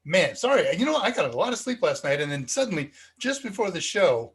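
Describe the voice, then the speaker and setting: An American man hosts a live tech question-and-answer stream with a rambling, chatty delivery full of ums and asides. His voice sits a little high for a man. He talks into a cheap USB microphone. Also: sing-song, fairly quick, breathy edge. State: slightly dizzy and foggy. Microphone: cheap USB desk microphone.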